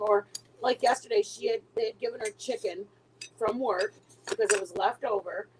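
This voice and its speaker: A woman's voice: mid-range voice, moderate pace, darkish tone, slight background noise, rough recording. A middle-aged woman chatting casually with her viewers, telling a long story with many restarts and trailing thoughts. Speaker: livestream host.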